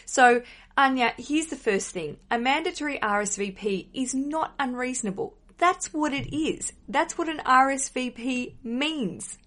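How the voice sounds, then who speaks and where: A woman's voice: high-pitched, animated, unhurried, a bit bright. A woman hosting a wedding advice podcast, chatty and emphatic, blunt with some mild swearing.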